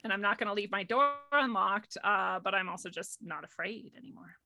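A woman talks in an earnest, casual way about faith and spirit, her words dotted with "like" and easy laughs. Her voice is bright and forward. The sound is close and dry, with no room around it. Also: mid-range voice, a little fast, gravelly, no echo. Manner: earnest, frequent "like", laughs easily.

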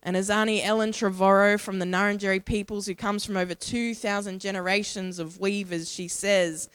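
A woman's voice: mid-range voice, flat delivery, fairly bright tone, clear, resonant tone, dry recording. Australian woman giving a rhythmic sermon. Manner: rhythmic, listing with measured pauses. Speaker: speaker at a church. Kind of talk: sermon-style spoken reflection.

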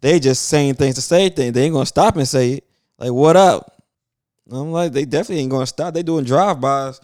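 A man's voice: medium pitch, quick pace, a little mellow, no echo, studio quality. A man from Brooklyn with a strong New York accent, telling stories in loose, slangy casual chat.

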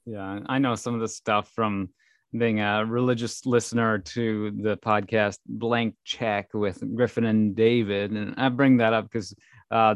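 A man from Minnesota with a light Minnesotan accent, chatting casually on a podcast and pausing often with ums and restarts. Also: on the low side, no room sound, studio quality. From Minnesota, USA. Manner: hesitant, many ums and restarts. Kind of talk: casual chat.

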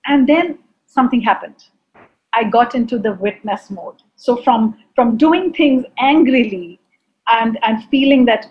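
A woman's voice: a little high, expressive, measured pace, dull audio. A woman speaking earnestly about mindfulness as a guest, with repetitions and light laughs. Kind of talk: reflective conversation on mindfulness.

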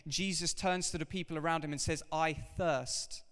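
Animated preacher man in a big hall. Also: a little high, moderate pace, clear, resonant tone. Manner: animated, emphatic, talks directly to the congregation. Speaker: pastor. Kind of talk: sermon. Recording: reverberant hall.

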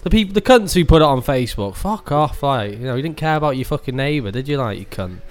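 Lively crude-talking man. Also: medium pitch, fast. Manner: crude, swearing, mocking. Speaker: podcast host. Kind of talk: casual chat.

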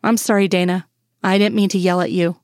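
A woman's voice: lowish voice, fairly even intonation, a little fast, a little mellow, no echo, clean studio sound, lightly acted. A woman voicing a wry grown man, a teasing FBI agent, in a fan story reading. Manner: teasing, laughing.

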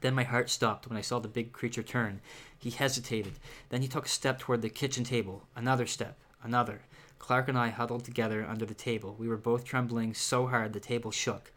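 Guy reading a spooky kids' book out loud then chatting about it, ordinary mid voice, some ums and uhs. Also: medium pitch, steady tone, brisk. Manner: plain read-aloud with hesitant fillers in chat. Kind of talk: reading a book aloud and casual chat.

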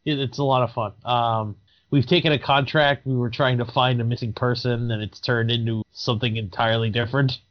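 A man's voice: medium pitch, steady tone, fairly quick, muffled recording. A man co-hosting a casual podcast about tabletop games, stammering into restarts and joking lightly. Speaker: podcast co-host.

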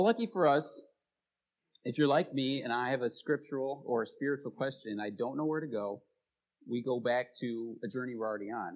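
A man preaching a sermon as a pastor, telling stories in a casual, conversational way. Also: mid-range voice.

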